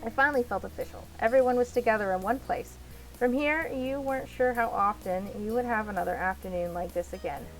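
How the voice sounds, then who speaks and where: A woman's voice: fairly high pitch, brisk, faint music behind, poor audio. A woman reading a visual novel aloud as a let's play narrator, in the second person.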